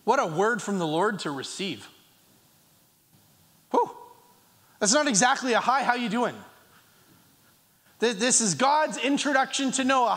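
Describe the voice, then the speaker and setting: A male pastor preaches a sermon in a church, his voice very high-pitched, sing-song, pushed and bright. He reads scripture earnestly, pausing and restarting, with a slight cough. The church hall adds a long reverb.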